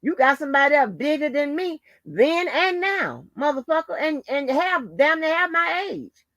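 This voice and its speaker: A woman's voice: high voice, big pitch swings, normal speed, fairly bright tone, no room sound. A woman hosting her own channel, delivering a heated, profanity-laden rant full of taunts and insults. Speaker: channel host. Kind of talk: angry profane rant to the camera.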